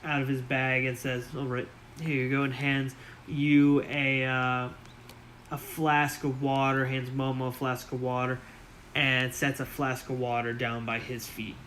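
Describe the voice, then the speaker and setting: Easygoing guy running a tabletop game, talks slow, lots of ums. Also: mid-range voice, slight background noise, rough recording. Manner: relaxed, halting with fillers. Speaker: game master.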